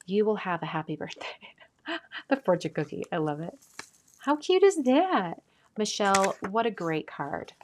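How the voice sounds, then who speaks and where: A woman hosting a casual live stream, chatting and gushing as she opens mail, often dropping to a soft whisper. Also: fairly low pitch, normal speed, slight background noise. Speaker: card-making channel host.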